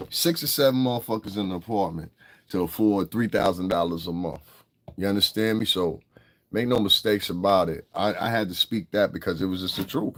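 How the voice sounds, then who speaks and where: A man hosts a casual livestream and speaks bluntly, with constant swearing and frequent laughter. His voice sits very low. The sound is dry and close, with no room echo. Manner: blunt, profane, laughs often, answers chat. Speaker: livestream host.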